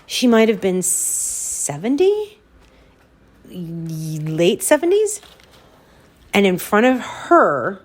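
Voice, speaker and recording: Lively woman telling a story, low-pitched. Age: 40s. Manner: animated, addresses listeners as "you guys", acts out her reactions. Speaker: podcast host. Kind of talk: personal storytelling monologue.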